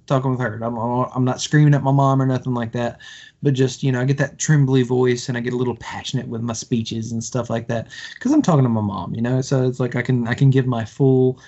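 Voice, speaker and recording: A mellow, mid-range male voice belongs to a podcast co-host who has been drinking. After a few drinks he launches into a heated, casual political rant, profane and passionate, restarting himself often, all captured in dull lo-fi podcast audio.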